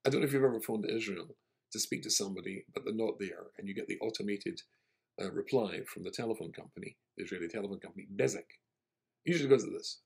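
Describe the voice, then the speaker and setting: A low-voiced male rabbi recounts a story with wry, self-deprecating humour. His voice is gravelly and husky, with a relaxed storytelling flow. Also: fast. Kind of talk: storytelling talk.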